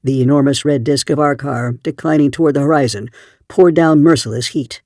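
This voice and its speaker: A man narrating an audiobook in a steady storytelling voice. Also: medium pitch, fairly quick, no echo, clean studio sound. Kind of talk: scripted narration.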